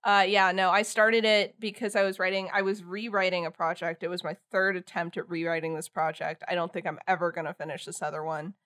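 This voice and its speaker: A woman's voice: on the low side, flat delivery, fairly quick, hardly any pauses, fairly bright tone. A young woman, a guest author, chatting casually on a podcast, laughing often.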